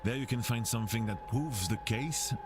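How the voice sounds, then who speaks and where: A man's voice: medium pitch, moderate pace, natural voice. An actor playing a scheming, self-assured male French investigator in a video game, speaking formally in a French accent and slipping in French phrases. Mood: confident. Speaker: game character. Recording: game audio with noisy ambience.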